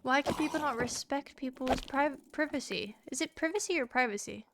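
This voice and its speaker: A woman's voice: sits high, fairly even intonation, moderate pace, background noise. A woman streaming a game live, chatting casually with her viewers, teasing and swearing freely. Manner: swearing, teasing and chatty, talking to chat and a pet. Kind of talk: casual live-stream chat while gaming.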